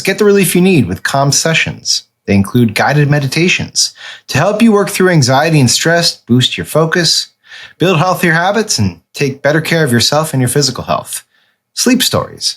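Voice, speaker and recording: Man, podcast host, medium pitch, wry asides. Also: a bit bright, breathy edge. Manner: reads sponsor copy with wry asides. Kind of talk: casual chat and read ad.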